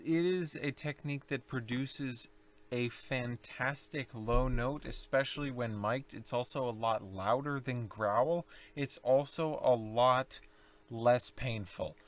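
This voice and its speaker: A young singing teacher gives a casual tutorial on low singing techniques, rambling and correcting himself as he demonstrates growls and vocal fry.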